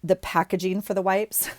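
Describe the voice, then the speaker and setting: A middle-aged woman vlogger with a deep, dark voice and vocal fry rambles casually about her journal at home. Fillers like um and like come up constantly, captured in clean studio sound without room sound.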